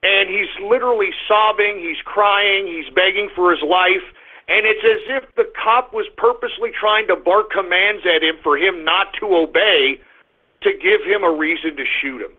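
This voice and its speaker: A man's voice: high voice, moderate pace. Ranting man on a tinny line. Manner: ranting, profane, loud outbursts. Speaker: radio show host. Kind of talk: call-in talk radio monologue. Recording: tinny phone-line sound.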